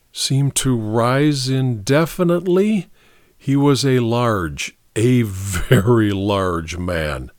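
A man's voice: medium pitch, dry recording, clean studio sound. A man narrating a mystery story as an audiobook, with a wry, theatrical delivery.

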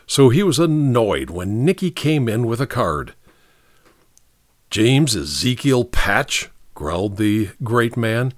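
A man's voice: mid-range voice, very animated, unhurried, hardly any pauses, no room sound, clean studio sound. A man narrating a mystery story as an audiobook, with a wry, theatrical delivery.

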